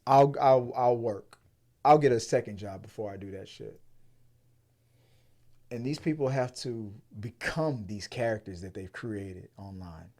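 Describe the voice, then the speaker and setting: A man hosting a casual movie podcast, talking in a rambling, profane and animated way. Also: on the low side, unhurried. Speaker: podcast host. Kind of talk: casual chat.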